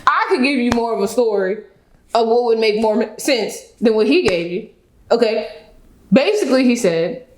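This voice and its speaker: A woman with a fairly high voice delivers opinionated reaction commentary in a lecturing, emphatic way, repeating her points and checking in with a pointed "okay?". Her voice bounces around an echoey room, and the recording picks up that roominess. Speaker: YouTube reaction host.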